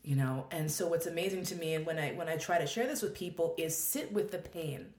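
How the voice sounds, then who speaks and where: A woman telling a candid personal story in a conversation, expressive and quick to swear, acting out her own thoughts as she goes. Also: low voice, reverberant. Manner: expressive, swears freely, acts out quoted thoughts. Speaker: guest.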